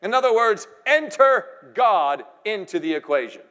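Middle-aged man, preacher, high voice, animated sermon storyteller with big loud-soft swings, long hall reverb. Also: unhurried. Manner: animated storytelling, swings between loud exclamations and hushed asides.

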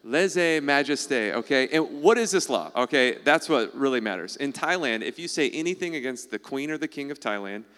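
A man, teaching a live audience, animated and full of rhetorical questions, constantly checking in with "all right?" and "okay?". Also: medium pitch, brisk, hardly any pauses, smooth. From United States. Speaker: speaker addressing a live audience. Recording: long hall reverb.

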